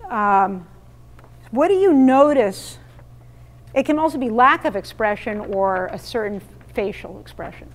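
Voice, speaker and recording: A woman with a somewhat high voice runs a live parenting workshop, speaking emphatically and firing questions at her audience. She keeps things interactive, shifting between explaining and prompting the room. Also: animated, a little slow. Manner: emphatic, quizzes the audience, role-plays lines to kids. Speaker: workshop presenter.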